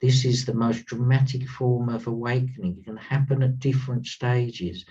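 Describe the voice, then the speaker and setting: A man gives an earnest spiritual talk, leaning on repeated words for emphasis. His voice is husky and mellow. He sits a little back from the mic, and the sound is dull and lo-fi. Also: medium pitch, steady tone, moderate pace. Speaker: spiritual teacher. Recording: slightly distant, dull lo-fi sound.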